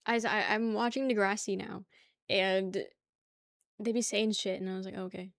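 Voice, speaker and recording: A woman's voice: medium pitch, fairly even intonation, moderate pace, dry recording, clean studio sound. A young woman from the New York area chatting casually with her stream chat, joking, laughing and rambling.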